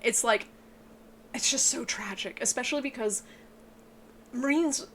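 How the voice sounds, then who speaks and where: Excitable, swearing woman reviewing books. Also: unhurried, a little hiss or hum. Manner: excitable, swears a lot, voice breaks into high yelps. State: tearful. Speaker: book reviewer. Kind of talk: emotional casual book review.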